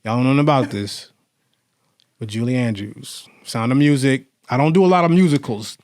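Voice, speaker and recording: A man chatting casually as a podcast co-host. He talks in an animated, rambling way and keeps restarting his sentences. His voice sits at an ordinary middle pitch. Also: a little fast. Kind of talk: casual chat.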